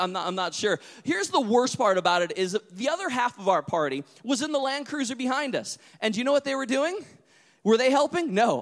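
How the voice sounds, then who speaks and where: A man preaching a sermon as pastor, telling a story with lively acted-out voices. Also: sits high. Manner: animated storyteller, acts out voices. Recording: long hall reverb.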